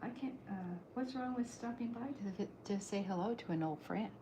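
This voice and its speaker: A woman voicing a sly, flirty villainess in a comic strip, in a soft, whispered role-play voice with a coy, mock-innocent manner. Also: fairly high pitch, lively intonation, brisk, echoey room, distant mic, voice pushed up. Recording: noisy background hiss.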